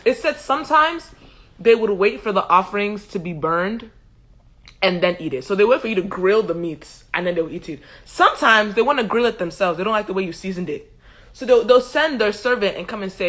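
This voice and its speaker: A woman hosting a casual livestream Bible commentary, animated and joking with slangy asides and frequent laughter. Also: medium pitch, brisk. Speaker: host.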